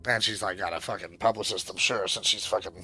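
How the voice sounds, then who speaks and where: A man's voice: on the low side, steady tone, fast, bright, forceful tone, breathy edge, soft background music. A man streaming a game, chatting casually in a rambling, crude way with plenty of swearing and fillers. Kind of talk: casual chat while gaming.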